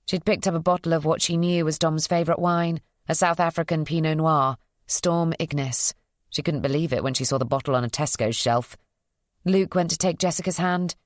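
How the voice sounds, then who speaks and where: A woman reading a psychological thriller as an audiobook narrator, in an even, measured storytelling voice. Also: deep voice, no echo, studio quality.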